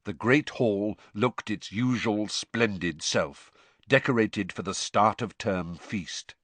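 A man narrating an audiobook in an animated storytelling manner. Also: lowish voice, slow, no echo. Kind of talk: scripted narration.

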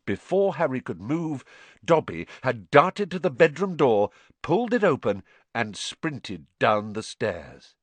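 Lively, dramatic male audiobook narrator. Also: mid-range voice, measured pace, no room sound. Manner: animated, dramatic storytelling.

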